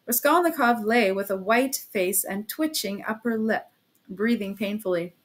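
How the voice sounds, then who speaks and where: A woman narrating a classic novel aloud in a steady, even reading voice. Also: mid-range voice, normal speed. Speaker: audiobook narrator.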